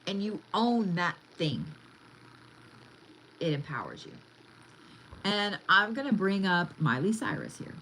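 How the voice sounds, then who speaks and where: A woman's voice: on the low side, slight background noise, rough recording. A woman giving a casual card reading, chatty and blunt, swearing freely as she talks. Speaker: tarot reader.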